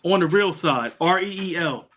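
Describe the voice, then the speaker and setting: Male co-host, slightly high voice, laid-back banter, faint hiss. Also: animated, moderate pace, fairly bright tone. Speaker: podcast co-host. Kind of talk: casual podcast chat.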